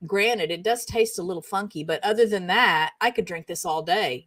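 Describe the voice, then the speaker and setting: A woman's voice: medium pitch, normal speed, hardly any pauses, a bit bright, dry recording. A woman hosting a casual show, reading funny text messages aloud and chatting about them in an amused way. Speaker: host of a comedy roundup show.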